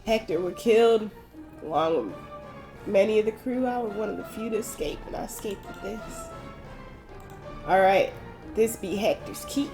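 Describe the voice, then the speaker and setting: A woman's voice: medium pitch, normal speed, long pauses, over music, natural voice. A woman putting on a Southern pirate man. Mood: boastful. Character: gruff male pirate sailor, boastful, rowdy.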